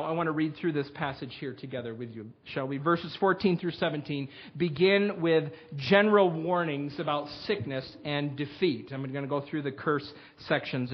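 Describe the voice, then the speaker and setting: A man's voice: fairly high pitch, highs cut off. A man preaching a sermon as pastor, speaking earnestly to his congregation and reading scripture aloud with rising emphasis. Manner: earnest, direct address to congregation.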